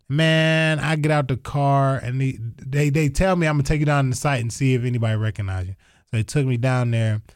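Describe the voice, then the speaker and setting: A young man telling a story in casual chat, animated and profane, acting out other people's lines. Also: mid-range voice. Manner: animated, profane, acts out voices in quotes. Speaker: storyteller guest.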